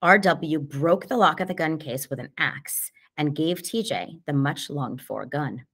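A woman narrates a novel in the first person, in a low, measured voice. Her telling is quiet and steady, sometimes dropping nearly to a whisper. It is audiobook reading. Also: slightly rough.

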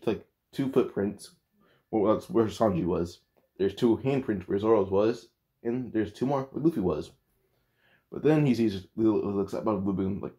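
A man's voice: fairly low pitch, warm tone. Rambling man retelling a fan story. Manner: rambling, full of "like" and restarts.

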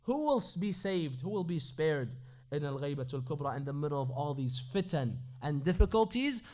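High-voiced man giving a religious lecture. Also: very animated, normal speed, a little mellow. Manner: recites Arabic hadith, then explains in English with rhetorical questions. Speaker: lecturer at an Islamic society. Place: Islamic centre lecture hall.

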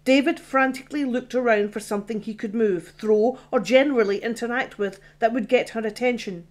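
A woman, the author, reading her own science fiction horror audiobook in a steady storytelling manner. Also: fairly high pitch, fairly quick. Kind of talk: audiobook narration.

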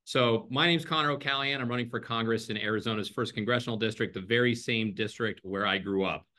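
A man's voice: medium pitch, fast, pushed and bright. A man in his thirties, a congressional candidate born in Ireland who speaks with an American accent, giving an earnest, lightly humorous opening statement at a candidate forum over a video call.

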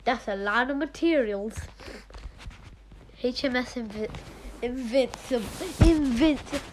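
High chatty woman murmuring over a game. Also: measured pace, a little hiss or hum, poor audio. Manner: chatty, giggly, muttering half to herself. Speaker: gaming streamer. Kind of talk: casual gameplay commentary.

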